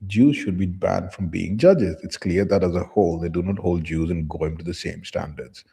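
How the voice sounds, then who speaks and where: Male commentary host, deep mellow husky tone, blunt and profane delivery. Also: moderate pace. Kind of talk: casual commentary reading posts aloud.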